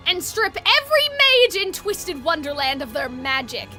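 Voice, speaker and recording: A woman's voice: extremely high pitch, sing-song, normal speed, pushed and bright, soft background music, heavily acted. A woman voicing a sinister, haughty young male villain who speaks in a theatrical, sneering way. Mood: scornful villainous.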